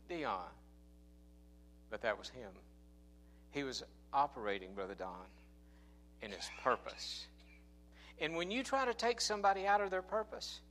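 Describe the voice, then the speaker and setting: A man's voice: a little high, sing-song, a little slow, pauses often, fairly bright tone, a little hiss or hum. A man preaching a sermon, telling folksy stories with stammered restarts. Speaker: pastor and song leader.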